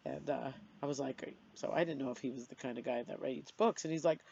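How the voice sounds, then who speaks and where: A woman's voice: fairly quick, creaky, a little mellow, husky, dry recording. Tearful middle-aged woman venting on camera. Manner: emotional, venting, self-deprecating with sudden high outbursts. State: tearful, blowing her nose. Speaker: vlogger. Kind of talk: candid personal vlog. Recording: dry, dull lo-fi sound.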